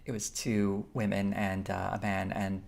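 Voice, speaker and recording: Gravelly low-voiced male streamer. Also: monotone, measured pace, darkish tone. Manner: rambling, thinks aloud, with fillers and restarts while reading chat. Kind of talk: casual live-stream chat.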